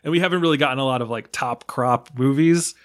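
A man's voice: mid-range voice, fast, a bit bright. A man from the United States talking casually about a film, rambling with many fillers, restarts and small laughs. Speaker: film podcast guest.

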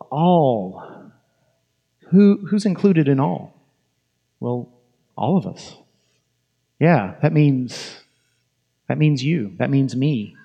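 A man's voice: on the high side, a little mellow. Man preaching a conversational sermon. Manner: conversational, emphatic, repeats phrases, asks the listeners questions.

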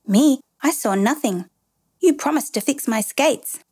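A woman's voice: sits high, expressive, measured pace, darkish tone, slightly rough, voice pushed up, full character voice. A woman voicing an eager, cheeky young boy in a storybook reading. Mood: innocent. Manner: eager, innocent.

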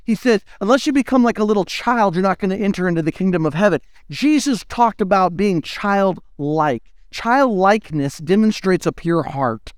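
A man, preaching a sermon in an animated, playful storytelling way. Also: high-pitched, normal speed, few pauses, clean tone, no echo, clean studio sound. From United States. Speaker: pastor.

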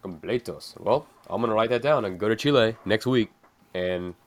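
A man's voice: on the low side, moderate pace. A man hosting a podcast in casual chat, talking loosely with lots of "like" fillers. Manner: loose, filler-heavy talk with many "like"s. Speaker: podcast host.

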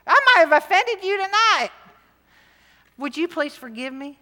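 A middle-aged woman, preaching to a women's rally with lively, emphatic, jokey swings between loud and hushed. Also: very high voice, a little slow. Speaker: women's conference speaker. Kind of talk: sermon. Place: large church hall. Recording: long hall reverb.

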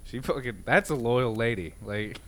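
A man's voice: mid-range voice, lively intonation, crowd noise. A man co-hosting a casual chat, laughing often and tossing in jokes and questions. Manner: laughing, joking, asks quick questions.

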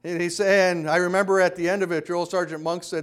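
Man, pastor, sermon, personal army story, fairly high voice. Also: flat delivery, fast, hardly any pauses. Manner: storytelling, drops low and quiet to quote a drill sergeant.

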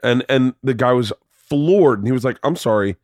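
A man's voice: mid-range voice, lively intonation, moderate pace, a little mellow, no echo, clean studio sound. A man hosting a podcast, telling stories in casual chat, swearing freely and acting out the voices of people in his stories. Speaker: podcast host.

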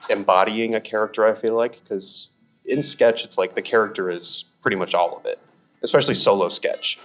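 A young man from Seattle, a sketch comedian guest chatting casually on a podcast, rambling and animated with plenty of fillers and laughs. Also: fairly low pitch.

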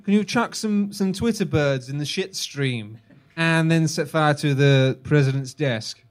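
A man's voice: fairly high pitch, close to an everyday voice. A man playing a fussy photographer. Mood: bossy. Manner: bossy, hurried instructions. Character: fussy male photographer directing a shoot.

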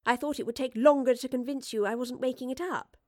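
A woman's voice: high voice, steady tone, fairly quick, a little mellow, no echo, studio quality, pitched above the performer's own voice, natural voice. A woman voicing an earnest, educated woman time traveller who explains herself carefully and hesitantly. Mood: wondering.

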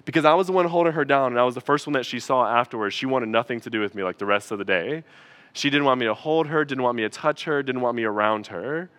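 Bright-voiced casual male pastor. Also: medium pitch, quick pace. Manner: casual, conversational preaching with frequent asides to the congregation. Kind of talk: sermon. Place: church.

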